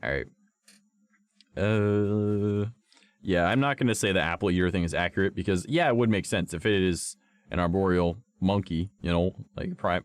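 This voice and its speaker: A man streaming casually, reading about cryptids, swearing a lot and joking between passages, with a deep voice that has a vibration to it. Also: no echo. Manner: puts on a higher pitched voice.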